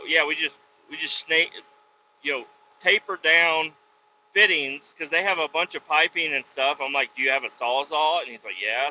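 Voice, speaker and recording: A man casually telling a rambling work story from inside his truck, profane and animated, acting out the people he quotes. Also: a little high, lo-fi sound, a little hiss or hum. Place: inside a pickup truck with windows down.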